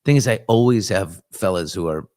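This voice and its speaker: A man's voice: sits low, animated, brisk, darkish tone. A man in his fifties from New York, hosting a casual live chat and answering viewers, rambling and self-reflective with joking asides. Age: 50s. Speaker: host.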